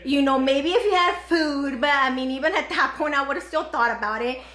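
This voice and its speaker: A woman's voice: sits high, fairly quick, pushed and bright. A young woman vlogging at home, telling a story to her viewers in a chatty way full of fillers. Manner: chatty, filler-heavy, "like" throughout. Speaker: vlogger, mother. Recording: roomy echo.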